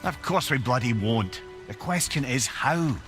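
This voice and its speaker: A man's voice: mid-range voice, expressive, unhurried, natural voice. A man playing a wry, chatty old sage. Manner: wry, sardonic banter. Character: wry chatty male talking head, wise and sardonic. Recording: loud music underneath.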